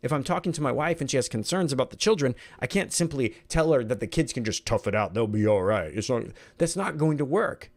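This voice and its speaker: A middle-aged man presenting an online workshop on communication, talking in a lively way and acting out little quoted voices. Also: medium pitch, fairly quick, hardly any pauses.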